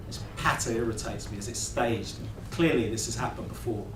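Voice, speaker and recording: A young actor performs a reflective theatrical monologue with a wry, storytelling touch. His voice is medium-pitched and brisk, captured by a distant mic in an echoey rehearsal room with some noise.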